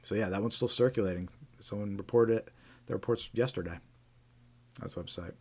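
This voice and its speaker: A man's voice: lowish voice, a little fast, darkish tone. A man hosting a live stream, casually reading out reports with frequent fillers and restarts. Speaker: host.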